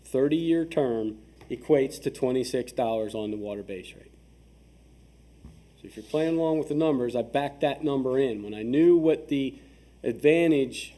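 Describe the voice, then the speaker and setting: Dark-voiced man walking through budget figures. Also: medium pitch. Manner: methodical, checks in often with "okay?"; frequent restarts and fillers while reading numbers. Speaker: town official presenting finances. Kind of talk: explaining budget figures at a public work session. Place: town meeting room.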